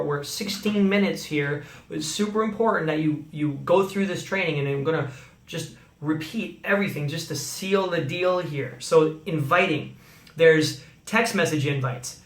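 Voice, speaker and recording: A man's voice: a little high, fairly bright tone. Upbeat coaching man in echoey room. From Canada. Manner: upbeat coaching, frequent "okay?" check-ins. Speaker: sales trainer. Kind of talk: recorded training talk.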